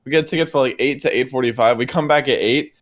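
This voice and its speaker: A young man co-hosting a casual podcast, hoarse from screaming, telling a laid-back story full of "like". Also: mid-range voice, fast. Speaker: podcast co-host.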